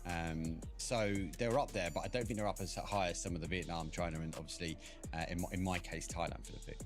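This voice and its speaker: A man on a live esports panel, telling stories in a lively, jokey way. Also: deep voice, fairly quick, over music.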